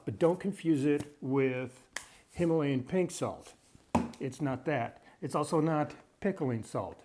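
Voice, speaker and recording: A man's voice: a little high, mellow. Wry man hosting a cooking show. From Chicago area, USA. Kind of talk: cooking video narration.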